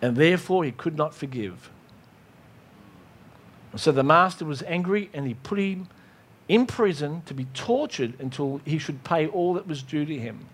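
A man preaching a sermon, acting out his own prayers and God's replies in lively dialogue. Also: on the high side, normal speed, breathy edge. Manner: animated, acts out dialogues with God.

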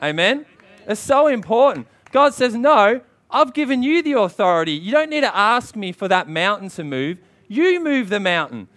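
A man's voice: sits high, sing-song, moderate pace, fairly bright tone. A man preaching a sermon, emphatic and punchy, often calling out to the congregation for a response.

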